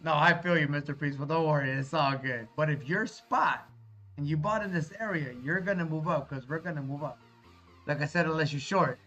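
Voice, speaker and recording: A man with a brisk, slightly bright voice on the high side reads viewer chat live, laid-back and reassuring, calling everyone brother. The stream audio is dull and lo-fi, with faint music.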